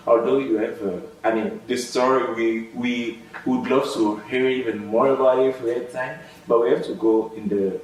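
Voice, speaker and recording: A man interviewing a guest, asking his questions hesitantly with many fillers and restarts. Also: medium pitch. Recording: echoey room, voice far from mic.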